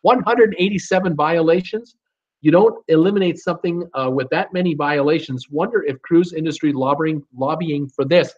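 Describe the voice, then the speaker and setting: A man's voice: a little high, normal speed, a little mellow, highs cut off. A man hosting a live stream, casually reading out viewer names and comments and stumbling over some of them. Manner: casual, chatty, laughs easily. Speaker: host reading live chat.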